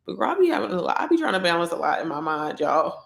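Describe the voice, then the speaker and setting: A woman, chatting excitably on a casual livestream and talking straight to her viewers. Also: on the low side, rapid-fire, gravelly. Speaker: online course promoter. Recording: echoey room.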